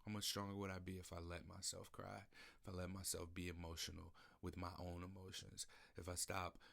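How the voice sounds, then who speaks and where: Brisk and gravelly, the man's low voice carries a bit of brightness, yet his delivery stays completely flat. He's a podcast host in a recording studio giving an emotional, searching personal monologue, frequently repeating himself.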